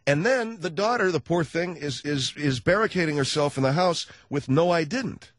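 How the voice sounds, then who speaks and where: A man's voice: fairly high pitch, moderate pace, fairly bright tone, no room sound. A man hosting a comedic talk radio show, rambling through a sarcastic monologue.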